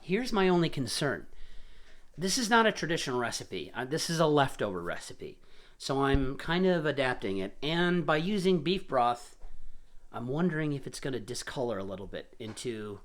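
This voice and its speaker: A man's voice: medium pitch, big pitch swings, moderate pace. A man hosting a casual home cooking show, chatting and joking as he cooks. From Irish family roots. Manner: jokey, rambling, chatty. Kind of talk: casual live-stream cooking demo.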